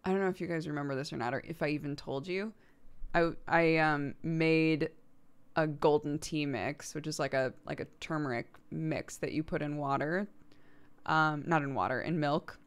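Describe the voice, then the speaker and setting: An American woman who lives in England streams from her home setup, chatting casually with her chat and laughing often. Her voice is low, clear and resonant, at a moderate pace.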